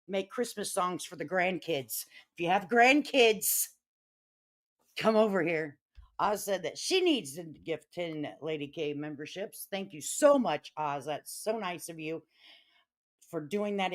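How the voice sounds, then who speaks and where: A middle-aged woman with a Chicago accent hosts a chatty live stream. Her delivery is brash and peppered with swearing, and she flares into loud, riled-up bursts. Her voice sits at an ordinary pitch for a woman. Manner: brash, profane, quick to get riled up and loud. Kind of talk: casual live-stream chat.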